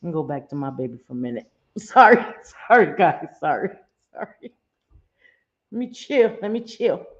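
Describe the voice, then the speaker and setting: A woman's voice: low-pitched, sing-song, moderate pace, long pauses. Woman livestream host, lo-fi audio. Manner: repeats phrases, many "um" fillers, speaks straight to viewers. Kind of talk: casual livestream chat.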